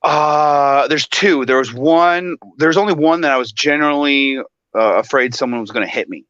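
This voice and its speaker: A man on a casual talk show, animated and laughing often as he tells a story. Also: a little high, moderate pace, dull audio. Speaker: guest.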